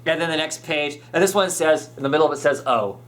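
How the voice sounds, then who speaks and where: A man's voice: fairly high pitch, steady tone, fast. A man hosting a podcast, chatting casually as he recaps a comic, full of fillers and restarts. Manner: rambling, many fillers and restarts. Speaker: podcast host.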